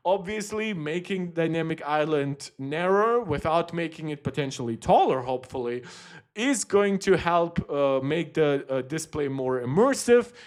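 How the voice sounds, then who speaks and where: Guy rambling on his tech stream, kinda high voice, lots of restarts. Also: animated, normal speed. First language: German. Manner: chatty, rambling, frequent restarts. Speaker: tech channel host. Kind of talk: casual livestream commentary.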